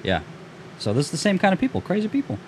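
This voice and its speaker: Fast-talking man in casual chat. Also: high-pitched, huge pitch swings, slight background noise. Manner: quick, loose storytelling with filler words. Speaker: podcast co-host.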